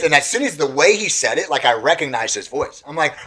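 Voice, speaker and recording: A man, a pastor telling a story in casual conversation on a podcast, excitable and acting out the voices of people in it. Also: a little high, normal speed. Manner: animated, excitable storyteller who acts out voices.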